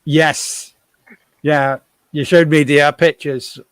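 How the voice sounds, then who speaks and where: A man's voice: on the high side, fairly even intonation, slow, a bit bright, no room sound. A man chatting casually on a live stream, rambling and thinking aloud as he sorts through things at home.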